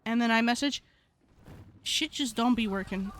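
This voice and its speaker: A high-pitched woman chats loosely with her stream viewers, rambling in a slangy way and laughing a lot. A faint hum of noise sits behind her voice. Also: normal speed, fairly bright tone. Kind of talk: casual chat with stream viewers.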